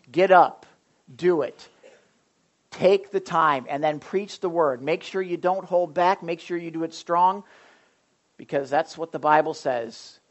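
A man, a pastor preaching a sermon to a small group, moving between loud emphasis and quiet asides. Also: sits high, muffled recording.

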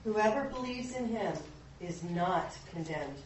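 A woman volunteering to read scripture aloud, steady and careful, recorded from a distance in a church hall. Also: medium pitch, a little slow, heavy background noise. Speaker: volunteer Bible reader. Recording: echoey hall from far off.

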